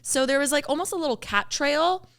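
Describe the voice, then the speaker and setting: A woman in her twenties co-hosting a podcast, telling an animated story in casual chat, acting out her own reactions, laughing often and swearing. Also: high-pitched, a little fast. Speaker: podcast co-host.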